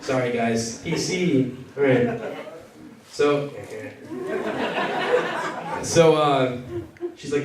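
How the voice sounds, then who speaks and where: A man's voice: medium pitch, drawn-out words, long pauses, a crowd in the background. A man doing a loose, rambling stand-up set that keeps correcting itself. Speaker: stand-up comedian. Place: comedy venue with a crowd. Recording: echoey room from far off. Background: audience laughter.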